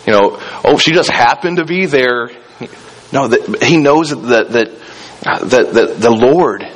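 A man's voice: medium pitch, fairly bright tone, breathy edge, poor audio. A pastor giving an earnest sermon, often repeating words as he finds his phrasing.

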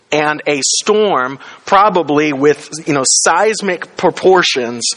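A man preaching a sermon in a conversational way, often asking the listeners questions and acting out quoted lines. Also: fairly bright tone. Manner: conversational, asks the congregation questions; acts out quoted lines with rising pitch. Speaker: pastor.

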